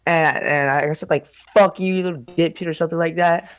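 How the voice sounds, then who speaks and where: A man's voice: fairly high pitch, steady tone, brisk, smooth, no echo. A young man casually telling a spooky childhood story, rambling, swearing a lot and laughing often. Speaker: host.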